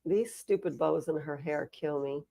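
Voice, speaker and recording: Low, gravelly woman with teasing remarks. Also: normal speed, dark tone. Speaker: co-host of a wrestling watch-along. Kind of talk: casual live commentary.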